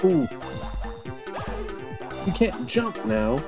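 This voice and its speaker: A woman hosting a let's play, muttering low-key, hesitant gameplay commentary. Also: sing-song, extremely slow. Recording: game music underneath.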